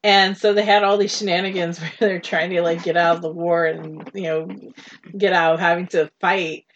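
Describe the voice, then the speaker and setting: A woman's voice: lowish voice, flat delivery, moderate pace, dull audio, a little hiss or hum. A woman co-hosting a podcast in casual chat, rambling with frequent laughs and restarts. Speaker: podcast co-host.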